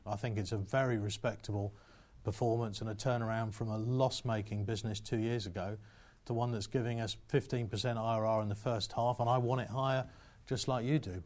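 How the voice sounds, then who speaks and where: A man's voice: fairly low pitch, darkish tone. Frank, firm male executive. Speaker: company executive. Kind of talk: results presentation Q&A.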